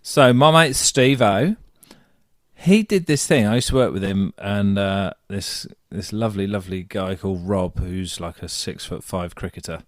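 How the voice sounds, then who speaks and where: A man's voice: on the low side, moderate pace, dry recording, studio quality. A man co-hosting a podcast in casual chat, jokey and teasing. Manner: jokey, teasing, laughs often. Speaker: podcast co-host.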